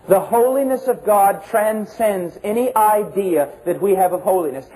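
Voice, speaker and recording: A man preaching a sermon with passion, using rhetorical questions and repetition, and swinging from shouts to hushed low tones. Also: poor audio.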